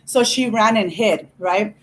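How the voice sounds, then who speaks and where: A woman's voice: mid-range voice, a little slow, a little hiss or hum, rough recording. Chatty woman telling a childhood story. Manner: chatty, laughs often, lots of "you know". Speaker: vlogger host. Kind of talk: casual storytelling while eating.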